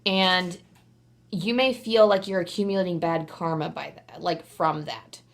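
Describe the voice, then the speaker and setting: She has a fairly low, unhurried voice with vocal fry, doing a laid-back pick-a-card tarot reading directly to camera. The talk wanders chattily, full of "like" fillers, with bursts of excited squealing here and there.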